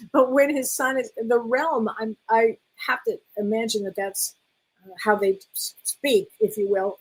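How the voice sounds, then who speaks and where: Reading out comments on her live stream, a middle-aged woman who works as a spiritual medium answers questions with affection, addressing viewers as "honey" in a casual session. She speaks on the high side with a breathy edge, and the recording is rough.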